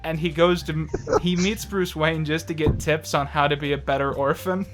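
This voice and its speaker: A man's voice: on the high side, steady tone, a little fast, fairly bright tone, faint music behind. Rambling young man reviewing a movie. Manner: rambling, lots of fillers and restarts, laughs often. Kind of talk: casual review chat.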